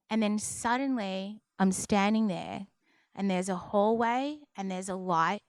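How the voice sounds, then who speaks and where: A young adult woman telling a personal story to an audience in a lively, expressive way. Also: dry recording. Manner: lively, acts out others' voices in a higher pitch; quieter and slower when describing the deep experience. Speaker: speaker sharing a personal story.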